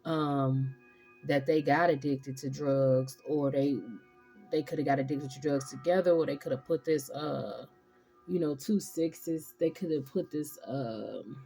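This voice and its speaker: A woman's voice: low-pitched, unhurried, vocal fry, dark tone, faint music behind. A woman giving a casual tarot reading, rambling and profane with streetwise slang. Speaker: tarot reader.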